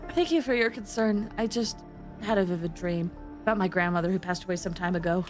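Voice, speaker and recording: A woman voicing a quiet, grieving bank clerk who speaks softly and sorrowfully. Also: fairly low pitch, fairly quick, faint music behind, close to an everyday voice. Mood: subdued. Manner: soft, subdued, sorrowful.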